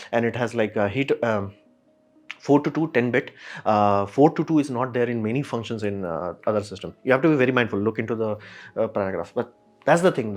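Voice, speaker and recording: Frustrated man ranting about a camera. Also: medium pitch. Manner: animated, frustrated, acts out imagined company replies. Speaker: camera reviewer. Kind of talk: ranting tech review.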